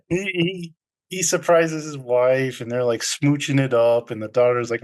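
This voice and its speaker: A podcast co-host with a medium-pitched, unhurried voice casually recaps an old film with friends. He rambles, laughs often, and acts out quotes in this relaxed chat.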